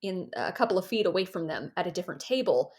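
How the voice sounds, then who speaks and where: A woman's voice: fairly low pitch, fast talker. A young adult woman, a podcast guest, telling a story with energy, laughing at herself and acting out the voices of the people in it. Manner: animated, self-mocking, acts out voices in her anecdotes. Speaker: guest, author and ex-Jehovah's Witness activist. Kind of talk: casual storytelling in a podcast interview.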